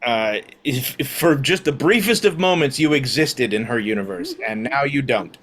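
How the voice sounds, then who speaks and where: A man narrating as game master of a tabletop game, halting with many fillers. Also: medium pitch, animated, fairly bright tone.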